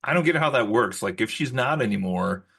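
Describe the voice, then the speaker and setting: A man's voice: lively intonation, a little fast, vocal fry, fairly bright tone, husky. A man co-hosting a podcast in casual chat, rambling with lots of likes and restarts. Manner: rises high when mimicking others. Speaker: podcast co-host.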